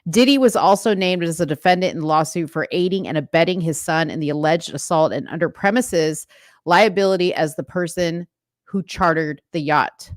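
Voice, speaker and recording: A woman with a fairly low voice hosts a livestream at normal speed, with no room sound. She reads news stories aloud and comments to the live chat, chatty and full of fillers, talking straight to her viewers.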